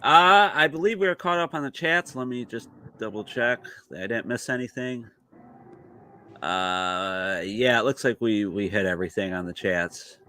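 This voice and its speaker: A man's voice: medium pitch, normal speed, sharp tone. A man hosting a retro gaming podcast, talking in a laid-back way with lots of fillers. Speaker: podcast host. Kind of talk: casual chat.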